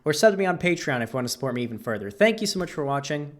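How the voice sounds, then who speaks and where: A man's voice: on the high side, big pitch swings, rapid-fire. A young man hosting a reaction video, rambling in casual, profane commentary full of "like" and swearing. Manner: rambling, lots of "like", swears freely. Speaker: host.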